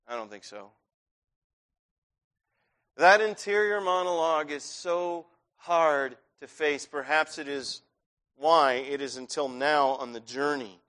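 A middle-aged man delivers a sermon in a church with a notably high voice. He speaks conversationally, pressing harder at times, as a pastor addressing his flock. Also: fairly even intonation, a little slow, a bit bright. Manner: conversational, rising to intense. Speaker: preacher.

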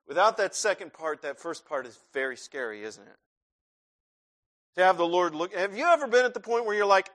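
High-voiced man preaching a sermon. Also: lively intonation, a little fast, a bit bright. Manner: personal storytelling, rising to impassioned emphasis.

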